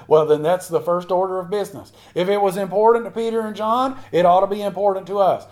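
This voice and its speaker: A man's voice: high-pitched, fast talker, hardly any pauses, a little mellow. A man preaching a sermon as a pastor, building up to emphatic repeated lines.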